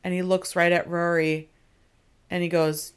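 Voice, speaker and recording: A young woman co-hosting a podcast, casually retelling TV scenes in quick quoted asides and laughing often. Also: on the low side, level tone, clear, resonant tone. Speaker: podcast co-host. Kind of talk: casual chat recapping a TV episode.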